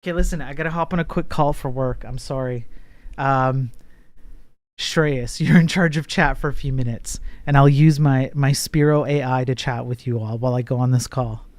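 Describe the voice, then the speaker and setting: A man's voice: mid-range voice, fairly even intonation, normal speed, dry recording. A man chatting casually on a coding livestream, reading and answering chat with teasing jokes and frequent laughter. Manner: joking, teasing, laughs often.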